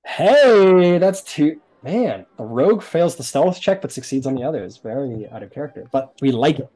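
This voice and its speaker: A man's voice: fairly high pitch, sing-song, moderate pace, mellow. A man narrating as game master of a tabletop game in a casual, explanatory, rambling way.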